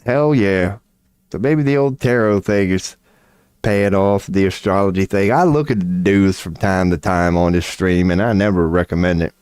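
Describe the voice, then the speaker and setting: A man's voice: deep voice, normal speed, darkish tone, clean tone, dry recording. A toothless man on a casual livestream, rambling and swearing to his chat and laughing at himself. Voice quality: toothless, slightly lisping when mouth is dry. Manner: loose and profane, laughing at himself. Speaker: streamer giving tarot readings.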